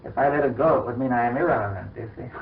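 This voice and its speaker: A man in a philosophical conversation who reasons slowly and hesitantly, explaining step by step and leaning on "you see.". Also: mid-range voice. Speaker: scientist in discussion. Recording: distant, tinny archival recording with faint hiss.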